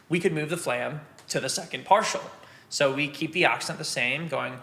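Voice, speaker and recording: A man's voice: medium pitch, moderate pace, vocal fry, over loud music. A man giving a casual drum lesson, explaining rudiments step by step and counting beats aloud. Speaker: drum teacher. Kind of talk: casual instructional talk. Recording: loud drum and click noise behind. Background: snare drumming and metronome clicks.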